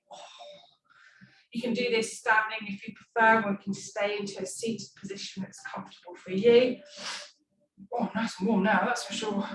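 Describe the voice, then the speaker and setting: A woman leading a stretch class, giving playful, encouraging cues. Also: a little high. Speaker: fitness instructor. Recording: echoey room, far from mic, music behind. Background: background music.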